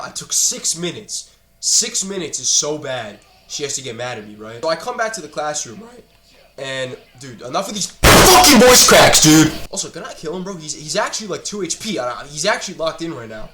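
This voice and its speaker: A man's voice: fairly high pitch, very animated, fairly quick, sharp tone, roomy sound. A teenage student ranting about school in an exasperated, profane way while he plays a video game. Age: teens. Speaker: student gamer.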